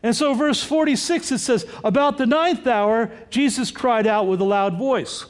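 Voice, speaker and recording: Male pastor, very high voice, emphatic verse-by-verse sermon delivery. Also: moderate pace. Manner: explanatory, emphatic, rises to loud cries on quoted words. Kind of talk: sermon with running scripture commentary.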